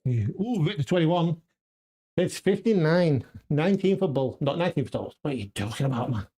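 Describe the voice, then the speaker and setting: A man's voice: on the high side, lively intonation, a little fast, mellow, husky. A man on a casual live stream, practicing darts and muttering checkout numbers to himself, then chatting with viewers. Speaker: darts vlogger. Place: home darts room.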